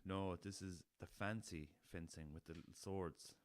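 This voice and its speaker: A young Irish man hosts a solo podcast, speaking at normal speed in a low-pitched voice with a steady tone. He rambles casually, laughs at his own jokes, and swears freely.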